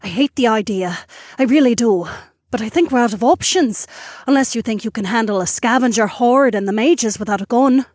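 A man's voice: very high-pitched, a little fast, no room sound, clean studio sound, voice pushed up. A man voicing a practical, anxious young woman companion in an audiobook, reasoning things through. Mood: worried. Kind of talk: audiobook narration.

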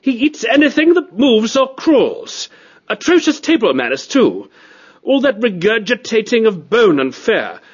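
A reedy, haughty aristocrat cat. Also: male voice, huge pitch swings, measured pace, breathy edge, muffled recording, heavily acted. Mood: weary. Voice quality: high, reedy tenor. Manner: fussy, disdainful, plummy. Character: cultured, haughty, gloomy male aristocrat cat.

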